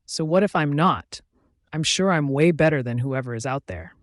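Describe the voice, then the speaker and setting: A man's voice: fairly high pitch, expressive, normal speed, no room sound, studio quality, natural voice. A man reading as an eager young woman. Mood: smug.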